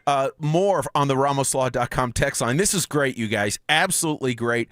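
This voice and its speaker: A man's voice: medium pitch, normal speed, dry recording. Guy hosting sports radio, all fired up, reading out texts, dry studio sound. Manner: excitable, reads listener texts aloud. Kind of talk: casual sports radio chat. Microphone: studio microphone.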